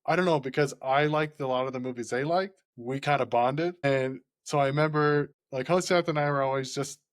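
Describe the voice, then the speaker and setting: A man's voice: mid-range voice, a little fast, dry recording, studio quality. A man chatting casually on a podcast, rambling and often laughing, with lots of "like" in his speech. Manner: rambling and laughing, heavy use of "like".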